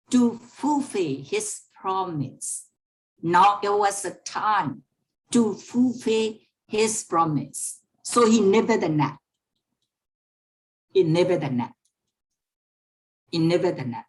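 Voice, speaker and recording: A woman teacher reading a story aloud to an online class, repeating each sentence and explaining words. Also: medium pitch. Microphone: online class microphone.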